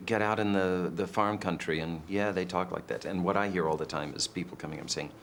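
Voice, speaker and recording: A man with a very deep, low voice recalls film-set stories in an interview. He tells them with animation and acts out what others said. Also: brisk, a little hiss or hum. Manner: animated storytelling, acts out quotes. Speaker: actor recalling a film shoot. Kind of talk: anecdotal interview.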